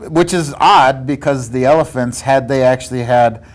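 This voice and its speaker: A man's voice: mid-range voice, normal speed. A man co-hosting a comedy podcast, reading odd news stories in a dry, casual way.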